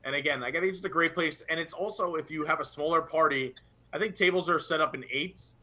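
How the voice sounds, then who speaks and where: A man's voice: a little high, fast talker, pushed and bright. A young man co-hosting a casual live chat, talking with rambling enthusiasm. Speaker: podcast co-host.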